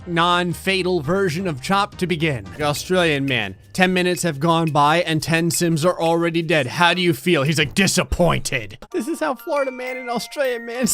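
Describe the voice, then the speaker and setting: A man giving sarcastic, comedic commentary over gameplay, voicing his characters in quick silly asides. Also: high-pitched, a bit bright. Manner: sarcastic, playful, voices sims in silly asides. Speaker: let's play commentator.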